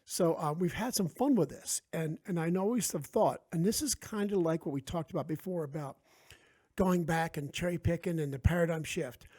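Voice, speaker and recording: High-voiced animated man from New Jersey. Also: moderate pace. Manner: animated, acts out quoted voices. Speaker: podcast guest, author. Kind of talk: casual storytelling chat.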